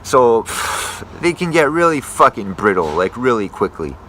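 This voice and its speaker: A man's voice: medium pitch, very animated, measured pace, a bit bright, slight background noise. A young man, a tree climber, ranting casually and rambling while swearing constantly. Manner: rambling, self-correcting. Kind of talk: casual rant to camera.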